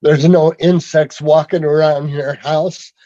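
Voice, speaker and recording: Slow, halting man on a video call. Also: on the high side, little pitch movement, mellow, dry recording. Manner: halting, with many fillers and restarts. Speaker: speaker sharing his story. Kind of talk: rambling personal testimony. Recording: dull lo-fi video call audio.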